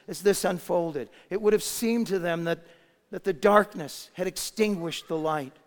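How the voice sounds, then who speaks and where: A man preaching a sermon, retelling a story dramatically, dropping to a hush and then rising to shouts. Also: high-pitched. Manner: dramatic retelling with shifts between hushed and shouted lines. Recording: long hall reverb.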